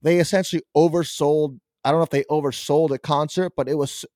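A man's voice: a little high, fairly even intonation, quick pace, a little mellow, dry recording, clean studio sound. A young man ranting profanely on a casual podcast, mocking people he dislikes in squealing put-on voices. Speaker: podcast host.

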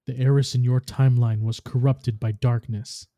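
Man reading as composed woman leader, quiet authority, very dark voice, dry. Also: mid-range voice, level tone, normal speed, no echo, lightly acted.

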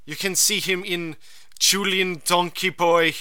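Podcast co-host, male, bright and crisp voice, rambling animated storyteller, fairly high pitch. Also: unhurried. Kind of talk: casual chat.

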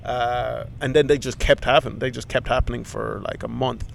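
A man's voice: mid-range voice, steady tone, normal speed, gravelly, a little hiss or hum. A man, co-hosting a podcast and telling a rambling anecdote in casual chat. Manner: rambling anecdote with laughs and acted-out quotes. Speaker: podcast co-host.

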